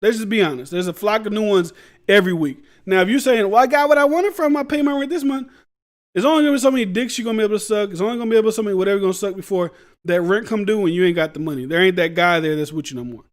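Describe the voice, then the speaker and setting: Fast-talking high-voiced man riffing bluntly. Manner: blunt, rambling, slangy street talk. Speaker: podcast host. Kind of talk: casual commentary.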